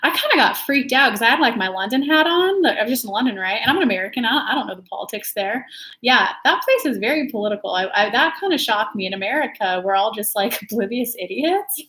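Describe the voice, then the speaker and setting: A woman's voice: on the high side, lively intonation, fast talker, sharp tone. A young woman from California chatting casually on a livestream, rambling and laughing as she talks. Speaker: livestream host, tarot reader.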